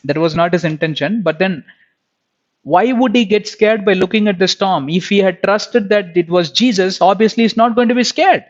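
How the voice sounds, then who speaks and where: A man teaching a Bible lesson in sermon style, talking emphatically with rhetorical questions and repeated phrases. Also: moderate pace. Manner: emphatic, rises in pitch and volume when stressing points. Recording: dull lo-fi recording.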